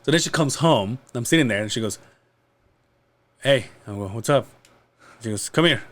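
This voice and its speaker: A man's voice: medium pitch, normal speed. Profane man telling a wild story. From Mexico. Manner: profane, animated, acts out quoted lines. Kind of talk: casual storytelling.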